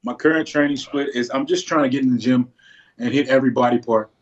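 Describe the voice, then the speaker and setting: A man answering interview questions over a video call, relaxed and halting, with frequent restarts. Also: medium pitch, muffled recording. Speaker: pro bodybuilder guest on a video call.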